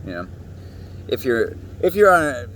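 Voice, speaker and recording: Rambling, profane man, lively pitch. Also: moderate pace. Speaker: show host. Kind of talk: rambling monologue. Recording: distant mic with faint background noise.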